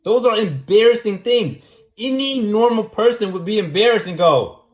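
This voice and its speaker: A man's voice: sits high, animated, normal speed. A man in a casual monologue who argues his point over and over and keeps asking "right?". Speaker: vlogger. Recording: echoey room.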